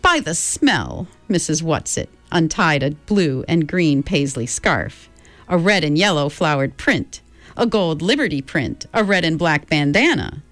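A woman narrating an audiobook with expressive, steady storytelling. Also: low-pitched, measured pace, no echo, faint music behind. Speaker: reader.

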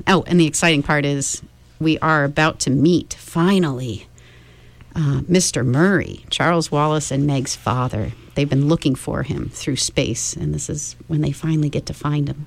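A woman's voice: low voice, gravelly. A woman reading a novel aloud chapter by chapter, with friendly asides to her listeners. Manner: slow, gentle reading with chatty asides to listeners. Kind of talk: read-aloud book narration.

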